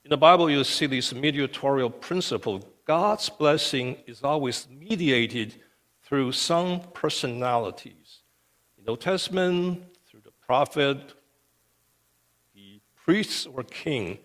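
A man's voice: medium pitch, animated, slow pace, a bit bright. A male pastor preaching a sermon with emphasis, often checking in with "okay". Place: church sanctuary. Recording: long reverb of a church hall.

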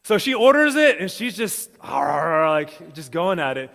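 This male pastor's voice is a little high, creaky and fairly bright, and he is very animated. His sermon stays casual and chatty, addressed directly to the congregation with frequent quick check-ins, all heard through long hall reverb.

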